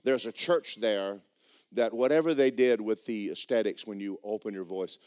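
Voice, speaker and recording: A man preaching in a church, telling a story and acting out the people in it with sudden loud bursts. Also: moderate pace, clear, resonant tone, dry recording, studio quality. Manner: animated, acts out quotes with sudden loud high bursts. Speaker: pastor. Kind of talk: sermon storytelling. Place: church sanctuary.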